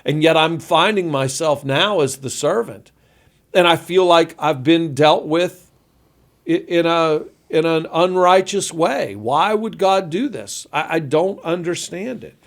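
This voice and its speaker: A man's voice: fairly high pitch, a little slow. A man pastor hosting a Bible study podcast, talking emphatically and reading scripture aloud with feeling.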